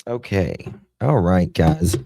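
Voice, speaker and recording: A man's voice: low-pitched, lively intonation, takes it slowly, creaky, warm tone, dry recording. A man hosting a casual livestream, thanking viewers one by one with affectionate endearments. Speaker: livestream host. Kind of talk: casual livestream chat, reading viewer comments.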